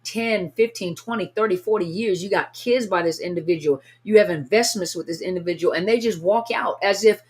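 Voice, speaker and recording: A woman's voice: fairly low pitch, fairly quick, few pauses, a little mellow. A woman coaching people through abuse and grief in an unscripted teaching talk, earnest and repetitive, often acting out what listeners feel. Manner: earnest, repetitive, acts out inner voices. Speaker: coach on narcissist abuse recovery.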